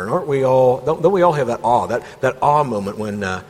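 A man reads scripture to a small group, then drops into loose, joking asides. His voice has a husky edge, and a long hall echo trails behind it. The talk stays relaxed and conversational. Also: medium pitch, quick pace, hardly any pauses. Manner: reads scripture aloud, breaks off to banter with the group. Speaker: Bible study leader. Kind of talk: informal Bible teaching. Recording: roomy hall reverb.

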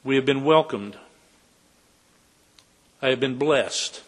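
A pastor preaching a heartfelt sermon in a church sanctuary, slow and earnest. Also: male voice, medium pitch, fairly bright tone, slightly rough, in a large hall.

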